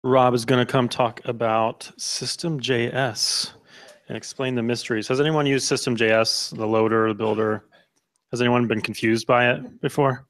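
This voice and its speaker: A man's voice: mid-range voice, fairly even intonation, normal speed, fairly bright tone. A man introducing the next speaker at a meetup, asking the audience questions and joking.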